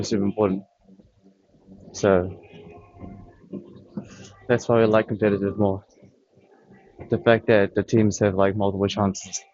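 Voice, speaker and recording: A man's voice: fairly low pitch, a little mellow, no room sound, dull audio. Breathless man rambling about games. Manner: rambling, thinking aloud with pauses. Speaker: vlogger. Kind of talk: casual chat about games.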